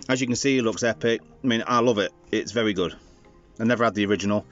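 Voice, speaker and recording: A man's voice: lowish voice, fast, lo-fi sound, faint music behind. A man hosting his channel, chatting casually and digressing with jokes while reviewing a toy.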